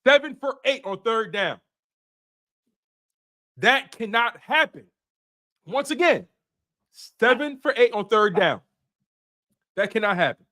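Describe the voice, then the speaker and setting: A man with a high voice breaks down a football game in a casual recap. He talks emphatically, hammers his points by repeating them, and drops slang as he goes. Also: lively intonation, slow, pauses often, bright, forceful tone. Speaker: sports podcast host.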